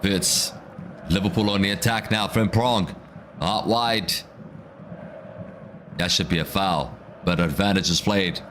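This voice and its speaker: A man doing live football reaction commentary as a watch-along streamer, excitable and ranting, often repeating himself. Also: low-pitched, a little slow, long pauses, noisy background.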